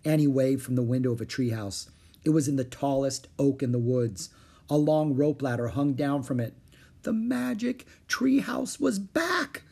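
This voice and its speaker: Husky-voiced man reading a storybook. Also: mid-range voice, moderate pace. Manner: expressive storytelling. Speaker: storybook reader. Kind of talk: children's book read aloud.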